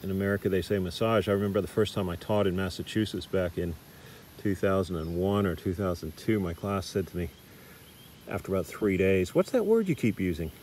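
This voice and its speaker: A middle-aged Australian man with a lowish voice talks through a foot massage demonstration outdoors. He speaks casually, with plenty of fillers. Faint outdoor ambience sits behind him. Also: a little fast, a little hiss or hum. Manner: relaxed, chatty, with fillers. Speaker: massage teacher. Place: park outdoors.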